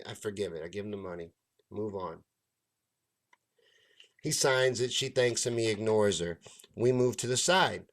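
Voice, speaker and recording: A man, a stand-up comedian, telling a long story in a casual rant, swearing freely and acting out the lines of the people in it. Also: fairly low pitch. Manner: profane, animated, acts out others' lines. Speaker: stand-up comedian and show host.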